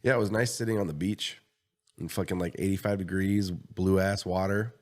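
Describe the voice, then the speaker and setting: Chill podcast dude with a really deep voice, cussing while he tells trip stories. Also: fairly even intonation, normal speed, a little mellow. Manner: laid-back, swears casually. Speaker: podcast co-host. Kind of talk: casual chat.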